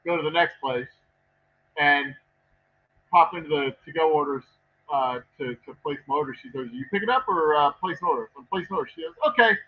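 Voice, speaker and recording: A man's voice: on the high side, animated, brisk, lo-fi sound. A man chatting casually on a live stream while he works in his distillery shop, rambling, wry and self-mocking, swearing freely. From Texas.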